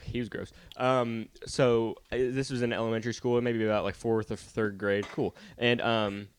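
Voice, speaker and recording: A man's voice: mid-range voice, flat delivery, normal speed, clear, resonant tone. A young man on a podcast telling rambling childhood stories in casual chat, swearing freely and acting out quotes. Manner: rambling storyteller, swears a lot, acts out quotes. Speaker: podcast co-host.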